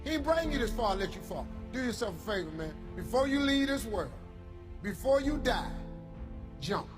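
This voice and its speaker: A man's voice: very high voice, very animated, normal speed. A man giving a fervent, colloquial motivational speech in a preacher's cadence. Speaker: motivational speaker. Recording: reverberant hall with background music.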